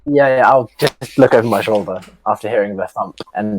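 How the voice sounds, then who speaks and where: A man's voice: fairly low pitch, a little fast, rough recording. Rambling male tabletop player. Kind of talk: casual tabletop game chat.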